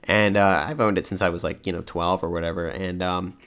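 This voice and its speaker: A man's voice: sits low, fairly even intonation, fairly quick, fairly bright tone, clean tone. A young man co-hosting a gaming podcast, chatting and telling stories animatedly with lots of "like" and "you know". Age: young adult. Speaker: podcast co-host. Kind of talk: casual chat.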